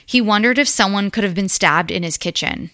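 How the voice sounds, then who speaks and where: Woman podcast host, bright tone, casual storyteller who swears freely. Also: mid-range voice, fairly quick.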